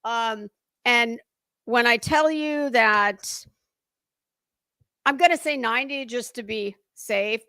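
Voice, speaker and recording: Woman doing snarky stream commentary, slow drawl, dry close mic. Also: on the high side, bright, forceful tone, clear, resonant tone, no echo. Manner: sarcastic and mocking, with lots of fillers. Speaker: livestream commentary host. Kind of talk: casual livestream commentary.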